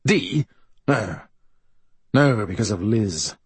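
A man voicing a boisterous, profane middle-aged male film star with a Welsh accent and a husky voice, swaggering and rambling. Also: on the low side, animated, slow, no echo, exaggerated voice. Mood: boastful. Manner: brash, swaggering, rambling storyteller.

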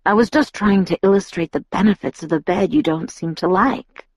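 A woman reading an audiobook and voicing a restrained young male lover who speaks quietly and measured, softly chiding. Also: medium pitch, expressive, slightly rough, no room sound, clean studio sound. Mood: disapproving. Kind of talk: audiobook narration.

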